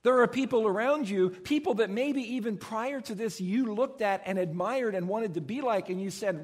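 A male pastor delivers a sermon in a high, somewhat husky voice, bringing his stories to life by acting out the people in them. His voice carries a long reverb, as if it is filling a church sanctuary. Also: normal speed, hardly any pauses. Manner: animated storytelling, acts out voices.

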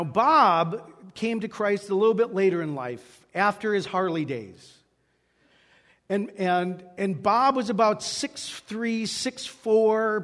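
A man preaching a sermon, telling a story with acted-out dialogue before moving into scripture. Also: high-pitched. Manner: animated storyteller acting out dialogue. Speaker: pastor. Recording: long hall reverb.

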